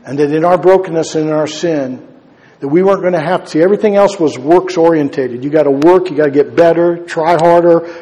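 A man's voice: fairly high pitch, brisk, dark tone, long reverb tail, poor audio. A male pastor preaching an earnest, conversational sermon, repeating key phrases for emphasis. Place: church sanctuary.

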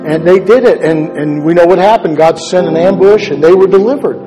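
A man's voice: high voice, brisk, few pauses, big-room sound, music in the background, poor audio. A male pastor preaching an earnest, conversational sermon, repeating key phrases for emphasis. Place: church sanctuary.

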